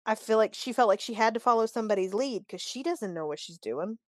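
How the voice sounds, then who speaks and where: A woman co-hosting a casual podcast, recapping a TV episode in a chatty, animated way and acting out the characters' lines. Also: a little high, fast, no room sound, clean studio sound. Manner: chatty and animated, acts out quoted lines, openly annoyed. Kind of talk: casual chat.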